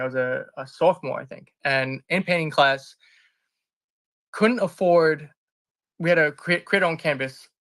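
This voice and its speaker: A man's voice: a little high, bright, forceful tone, no echo. A man speaking as an interview guest, telling a candid personal story in an earnest, rambling way and often restarting or correcting himself. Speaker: interview guest, business founder.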